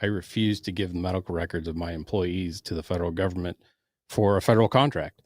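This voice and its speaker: A man's voice: low-pitched, fast talker, dry recording, clean studio sound. A man co-hosting a podcast, speaking bluntly in casual chat with short firm interjections. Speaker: podcast co-host, pastor, business owner.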